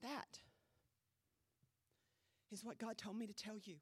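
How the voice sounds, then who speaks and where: A woman pastor preaching a sermon in a church, emphatic with dramatic pauses, her voice a little strained. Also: medium pitch, steady tone, slightly rough, no echo. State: voice trouble, slightly strained.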